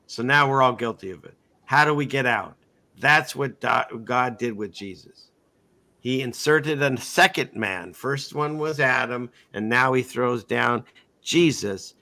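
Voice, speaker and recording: A man's voice: medium pitch, sharp tone. A man hosting a casual interview, telling long rambling stories and acting out the people he quotes. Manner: rambling storyteller, acts out quotes in voices. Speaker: podcast host.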